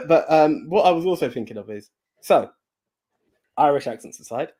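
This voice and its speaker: A man's voice: fairly high pitch, lively intonation, moderate pace, darkish tone. A man co-hosting a casual movie podcast, easygoing and chatty, laughing along with his friend. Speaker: podcast co-host. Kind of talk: casual chat.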